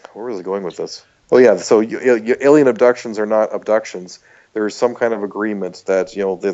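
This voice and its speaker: A man's voice: lowish voice, a little mellow, highs cut off. A man from Canada with a Canadian accent, a guest chatting casually and earnestly in an interview, with some restarts. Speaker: podcast guest.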